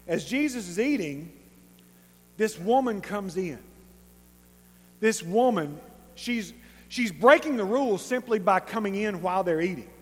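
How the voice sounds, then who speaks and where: High-voiced East Texan preacher. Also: male voice. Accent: East Texas. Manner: conversational, emphatic, animated storytelling. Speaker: pastor. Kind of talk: sermon. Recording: long reverb of a large hall.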